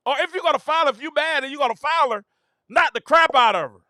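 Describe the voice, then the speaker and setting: A man hosting a sports reaction show, ranting excitably, addressing viewers directly and often breaking into shouts and laughter. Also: very high voice, fast, no room sound, clean studio sound. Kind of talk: animated sports reaction rant.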